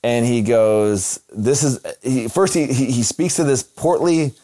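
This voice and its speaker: A young man casually telling a story, animated and acting out quotes in a raised voice. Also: mid-range voice, measured pace.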